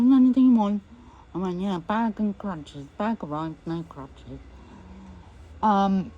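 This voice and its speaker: A woman's voice: lowish voice, a little mellow, muffled recording. A woman recounting a personal ordeal as an interviewee, acting out what others said to her. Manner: slow recounting that acts out quoted speech. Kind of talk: personal storytelling.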